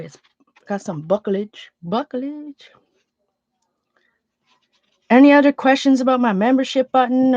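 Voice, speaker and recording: A woman's voice: a little high, dry recording. Woman host, casual rambling livestream talk, sniffling, dry and a bit muffled. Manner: chatty, rambling, greets viewers, thinks aloud. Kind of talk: casual livestream chat while painting.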